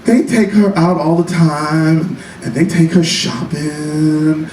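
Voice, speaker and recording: A man with a high, bright voice doing sassy, profane stand-up in a small club. He is miked from a distance, so the voice sounds roomy. Audience laughter and chatter run underneath. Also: a little hiss or hum. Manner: sassy, profane storytelling with quick asides. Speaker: stand-up comedian. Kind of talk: one-man comedy show. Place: small cabaret club stage.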